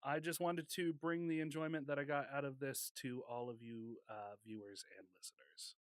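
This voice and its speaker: A man's voice: mid-range voice, fairly even intonation, normal speed, no echo. A man co-hosting a casual podcast chat, joking and laughing often. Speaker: podcast co-host.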